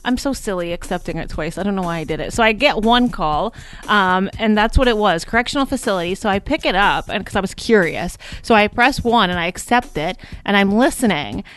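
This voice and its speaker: A young woman chats on a morning radio show in a smooth, clear voice. She rambles through her story with plenty of fillers and giggles. Her pitch sits in a middle range. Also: lively intonation, fairly quick, a bit bright. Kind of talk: casual on-air chat. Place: radio studio.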